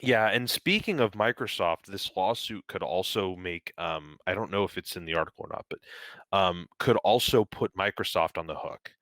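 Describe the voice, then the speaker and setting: A man's voice: low voice, moderate pace, fairly bright tone, no echo, clean studio sound. A man co-hosting a podcast, talking casually and at length, with many fillers and restarts and some casual swearing. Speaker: podcast co-host. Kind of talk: casual chat.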